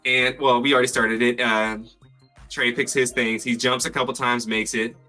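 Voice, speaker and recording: Bright-voiced man hosting a podcast recap. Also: mid-range voice, little pitch movement, normal speed, faint music behind. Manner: chatty, reads from notes, playful asides. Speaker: podcast host.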